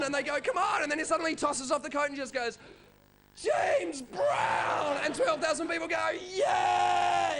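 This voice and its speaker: Energetic Australian comic, high voice. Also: male voice. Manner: energetic, crowd work, loud shouted impressions. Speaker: stand-up comedian. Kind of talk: live stand-up routine. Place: comedy club stage. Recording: live comedy club with crowd and noise.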